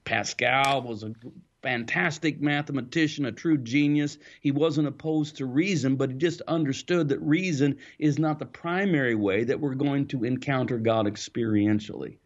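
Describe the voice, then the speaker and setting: A man, an author being interviewed, explaining his ideas in a thoughtful, storytelling way with the odd soft laugh. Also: mid-range voice, normal speed, muffled recording. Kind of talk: reflective interview answers.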